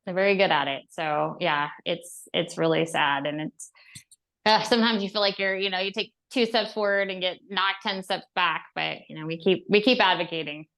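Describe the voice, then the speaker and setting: A woman with a lowish voice and a gravelly edge chats casually as a podcast guest. She is a dietitian and author who tells her stories with animated energy, laughing often and filling her talk with fillers. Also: normal speed. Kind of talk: casual interview chat.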